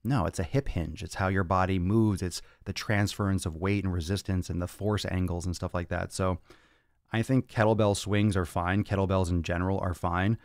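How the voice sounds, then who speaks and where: Low-voiced blunt fitness host. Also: male voice, steady tone, moderate pace, no room sound, studio quality. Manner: blunt and profane, lecturing. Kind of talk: blunt Q&A monologue.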